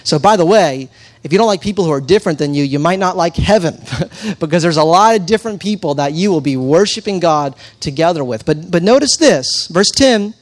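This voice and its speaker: A man's voice: fairly high pitch, animated, fairly quick. A man preaching a teaching sermon, talking conversationally with frequent restarts and reading scripture with dramatic emphasis. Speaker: pastor.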